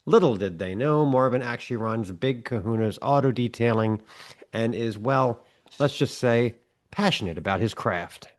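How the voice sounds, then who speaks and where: A man's voice: mid-range voice, moderate pace. Wry man podcast co-host. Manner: wry storyteller, acts out yelling dads. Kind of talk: comedic podcast banter.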